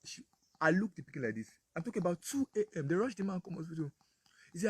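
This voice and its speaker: Husky Nigerian man telling a story. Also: high voice, very animated, very fast, dry recording. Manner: storytelling, acts out dialogue. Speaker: apostle speaking on parenting. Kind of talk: casual Pidgin sermon talk.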